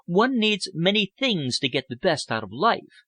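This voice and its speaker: A man voicing a poised, worldly young woman who speaks in a languid, elegant, gently persuasive way. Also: sits high, very animated, unhurried, dry recording, voice pushed up, full character voice. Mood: wistful.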